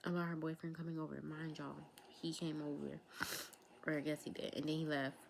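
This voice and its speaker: A young adult woman vlogger tells her viewers a personal storytime, chatty and addressing them directly, slipping into whispered asides. Her low voice is creaky and level in tone, she speaks fairly quickly, and the recording is rough.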